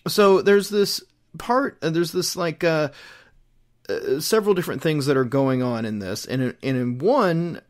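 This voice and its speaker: A man's voice: on the high side, expressive, measured pace. A man casually retelling a comic book storyline, rambling with plenty of fillers and restarts. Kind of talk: casual chat.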